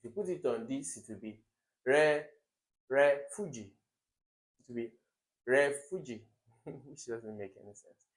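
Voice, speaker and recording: A man's voice: mid-range voice, moderate pace, long pauses, warm tone, poor audio. A man with a Nigerian English accent, an exam tutor talking through test questions, explaining step by step, repeating key words, and chuckling at wrong answers. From Africa.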